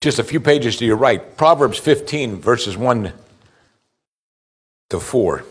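A male pastor delivers a sermon at a middle pitch for a man. He speaks with emphasis and keeps turning to his listeners with pointed questions. The voice dips low and soft for quoted verses, then rises again for the questions. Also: expressive, slow, husky. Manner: asks the congregation direct questions, emphatic.

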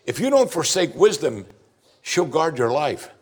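A middle-aged man preaching a sermon as pastor, earnest, and he slows down to stress key words. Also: fairly high pitch, very animated, slightly rough.

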